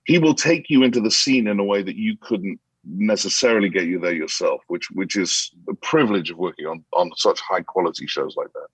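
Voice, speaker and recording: Man, low husky voice, dry recording, interview guest, animated storytelling. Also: a little fast, hardly any pauses, no echo, rough recording. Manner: animated anecdotes, many restarts, acts out quotes. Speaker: actor guest.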